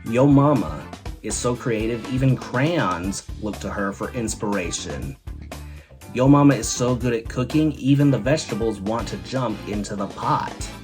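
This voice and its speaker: A man's voice: on the low side, animated, moderate pace, over music. Upbeat male joke-telling host. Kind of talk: joke-telling comedy monologue.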